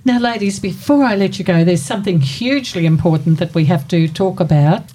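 A woman's voice: lowish voice, a little fast, warm tone. A woman hosting a radio interview, chatty and encouraging. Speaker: radio host.

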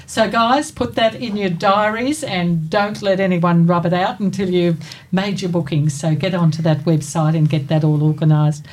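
A woman's voice: fairly low pitch, steady tone, normal speed, slight background noise. A woman hosting a radio interview, chatty and encouraging. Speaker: radio host.

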